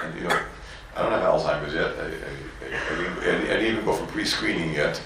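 Here a rabbi from Borough Park, New York leads yeshiva students through Torah, acting out quotes, repeating words, and mixing in Hebrew and Yiddish. He speaks with a very deep, vocal-fried voice, fairly fast and with few pauses. Captured from a distance, the audio is very echoey and carries background noise.

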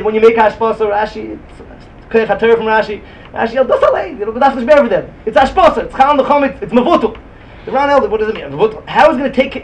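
A man with a Yeshivish English accent giving a Talmudic lecture in a rapid, emphatic way. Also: extremely high pitch, rough recording. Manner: rapid, emphatic, mixes Yiddish and Hebrew terms into English. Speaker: Talmud teacher.

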